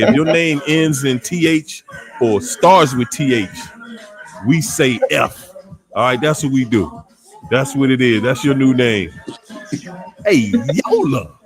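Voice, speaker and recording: A man with a Washington DC accent hosts a live online show, greeting viewers one by one. He talks slowly in a playful, slangy way, and his pitch swings widely. Faint music plays underneath. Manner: animated and playful, slangy, laughing often. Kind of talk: casual shout-outs to live viewers.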